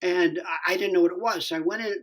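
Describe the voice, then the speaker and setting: A man, a stand-up comedian guesting on a podcast, telling an animated, profane anecdote and acting out the people in it. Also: sits high, fast talker. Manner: profane, acts out the dialogue in his story.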